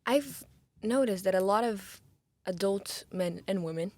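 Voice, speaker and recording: A woman's voice: mid-range voice, a little slow, a little mellow, no room sound. Chatty woman host asking questions. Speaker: podcast host. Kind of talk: casual interview chat.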